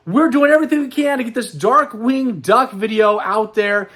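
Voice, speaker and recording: A middle-aged man talks through his vlog in a loose, rambling way with an upbeat lift. His voice sits high for a man. He sounds tired and a little worn. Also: normal speed, hardly any pauses, a bit bright. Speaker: host. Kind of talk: casual vlog chat.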